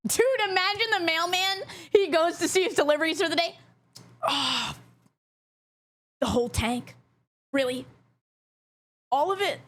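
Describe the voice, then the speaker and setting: A woman streamer chatting casually and excitedly while reacting to videos, giggling often. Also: very high-pitched, measured pace, pauses often. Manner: excitable, giggly, thanks viewers. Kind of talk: casual live-stream chat.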